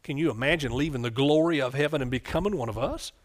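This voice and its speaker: A middle-aged man preaching a fervent sermon, calling out for amens and swinging between soft asides and loud bursts. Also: medium pitch, quick pace.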